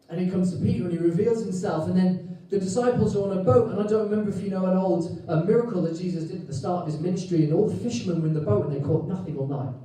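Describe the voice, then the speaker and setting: A Welsh man preaching in a church hall, his voice high-pitched and dark in tone. He tells the story in a lively, joking way, acting out the quotes. The sound is very roomy, picked up from a distance. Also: fast, few pauses. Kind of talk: sermon. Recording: echoey hall, mic at a distance.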